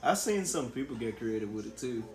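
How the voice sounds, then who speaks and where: A laid-back man chats and tells a story, laughing along and cursing casually. His voice sits at a middle pitch and echoes in a roomy space. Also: big pitch swings, fairly quick, darkish tone. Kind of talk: casual chat.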